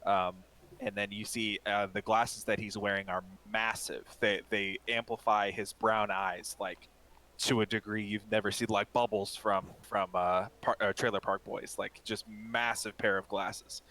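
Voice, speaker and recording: A man's voice: lowish voice, level tone, measured pace, sharp tone, poor audio. A man narrating as game master in a casual, rambling way, full of fillers and restarts.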